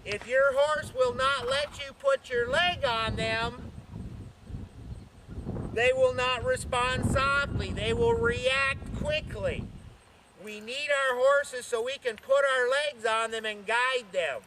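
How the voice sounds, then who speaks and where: This man's voice is very high and steady, slow-paced, with background noise behind it. He's on horseback outdoors teaching riding, counting strides out loud and checking in with his listeners.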